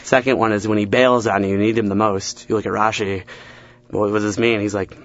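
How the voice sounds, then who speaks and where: A man's voice: fairly low pitch, flat delivery, brisk. A young man, a comedian guest in a casual interview, rattling off stand-up jokes with acted-out asides and self-deprecating laughs. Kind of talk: casual interview chat, telling stand-up bits. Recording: dull lo-fi sound.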